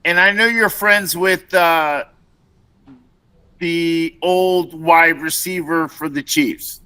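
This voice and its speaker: Slow-talking bright-voiced man. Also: on the high side, steady tone, clear, resonant tone. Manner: enthusiastic, hesitant fillers. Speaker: podcast co-host. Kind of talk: casual chat.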